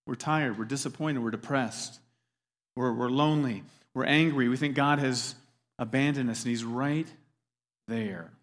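A man's voice: mid-range voice, measured pace. A man preaching a sermon as a pastor, earnest, repeating words as he stresses his points. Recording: long hall reverb.

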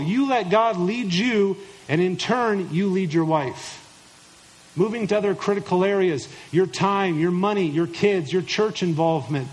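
The sermon, aimed at husbands, comes from a middle-aged pastor whose voice is high and bright; he talks straight at the men present with emphasis and quotes imagined listeners in mock voices. It is captured in a rough recording.

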